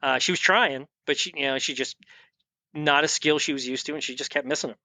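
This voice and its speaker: A man's voice: fairly high pitch, brisk, bright, forceful tone, no echo. A man guest on a podcast, casually telling a rambling story full of restarts and acted-out quotes. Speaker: guest, firearms expert and veteran.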